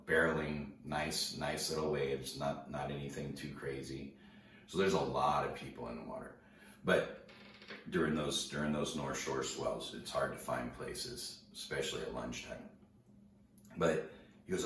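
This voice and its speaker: A man's voice: a bass voice, slight background noise. A man casually telling a personal story in a laid-back, slangy way. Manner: laid-back, slangy, lots of "dude" and "bro". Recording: echoey room, distant mic.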